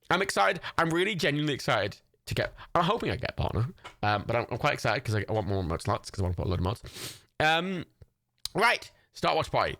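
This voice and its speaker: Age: young adult. Role: excitable, swearing streamer. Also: mid-range voice, no echo, clean studio sound. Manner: swears freely, laughs often, excitable. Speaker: streamer hosting a film watch party. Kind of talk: casual livestream chat, reading out chat and gifts.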